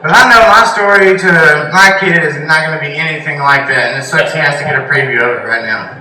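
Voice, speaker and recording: Young comic, high-pitched, loose and rambling, echoey bar, mic far off. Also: male voice, quick pace. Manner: loose, rambling, laughing delivery with sudden shouts. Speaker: stand-up comedian. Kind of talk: stand-up comedy set. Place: small bar stage. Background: bar crowd noise.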